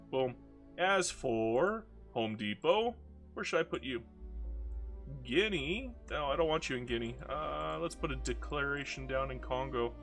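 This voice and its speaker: Game commentator, man with a regional American accent, forceful and self-mocking, faint music bed. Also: mid-range voice. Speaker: video game streamer. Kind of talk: casual gameplay commentary.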